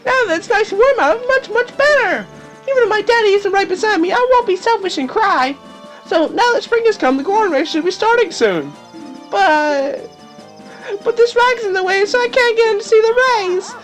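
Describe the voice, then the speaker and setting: A whiny little creature boy with a piercing, very high squeak, as a man puts him on in falsetto. Game music hums faintly underneath. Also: animated, moderate pace, low-quality recording. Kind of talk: reading game dialogue aloud.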